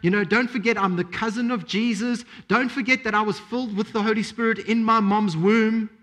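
A preacher giving voice to a bragging prophet. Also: male voice, sits high, steady tone, a little fast, fairly bright tone. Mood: boastful. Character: John the Baptist imagined bragging, grown man.

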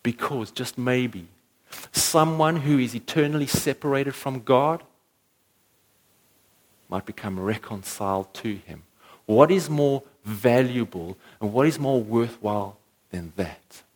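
A man's voice: medium pitch, slow. Casting: male preacher, earnest and emphatic, mid-range voice. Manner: earnest, building to emphatic peaks. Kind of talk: sermon.

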